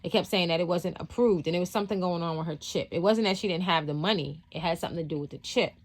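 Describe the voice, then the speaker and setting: A woman hosting a spiritual vlog, telling a story from work in a rambling, casual way with lots of fillers and restarts. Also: on the low side. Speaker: spiritual channel host.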